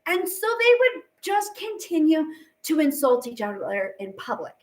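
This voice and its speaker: A woman's voice: high voice, very animated, normal speed. A woman teacher giving a casual, chatty history lecture, full of fillers and playful asides. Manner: chatty, acts out quotes with fillers.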